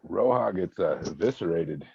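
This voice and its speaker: A man playing a tabletop game, describing his moves in a deliberate, matter-of-fact way. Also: low-pitched, expressive, creaky, darkish tone, slightly rough, no echo, lo-fi sound. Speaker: player.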